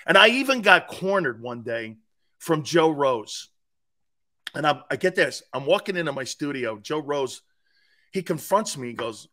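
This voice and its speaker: A man in his fifties, a former player and sports radio host, talking as a guest in a casual podcast interview, emphatic and animated with loud outbursts. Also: on the high side, moderate pace. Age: 50s.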